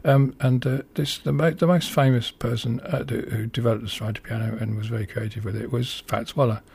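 A man introducing records on a music show, with a husky, slightly breathy voice at an ordinary pitch. He talks off the cuff, stumbling through fillers and restarting sentences as he goes. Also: steady tone, a little fast, a little mellow. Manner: hesitant, many ums and restarts. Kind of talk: casual unscripted radio-style introduction.

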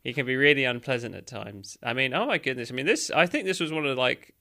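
Bright, gravelly man chatting about cartoons. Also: medium pitch, animated, fast. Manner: enthusiastic, rambling with fillers. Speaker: podcast co-host. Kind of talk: casual chat reviewing a cartoon.

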